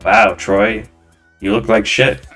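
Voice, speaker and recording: A man's voice: lowish voice, steady tone, slow, vocal fry, fairly bright tone, soft background music, full character voice. A man voicing a rude, hostile local man who taunts and blocks the way. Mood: taunting. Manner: taunting, aggressive. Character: rude southern male local, hostile gatekeeper.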